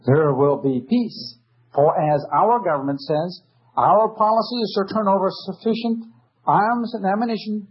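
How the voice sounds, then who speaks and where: A man's voice: high-pitched, moderate pace, slightly rough. A man giving a sarcastic, emphatic political lecture full of rhetorical questions, on a dull old recording. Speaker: speaker.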